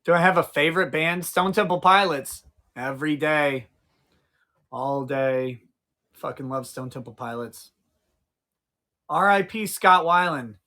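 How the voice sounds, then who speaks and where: A man's voice: fairly high pitch, unhurried, pauses often, pushed and bright. A man in his forties hosting a casual livestream outdoors, rambling, swearing freely and answering his chat. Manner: profane, rambling, talks to chat. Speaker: livestream host.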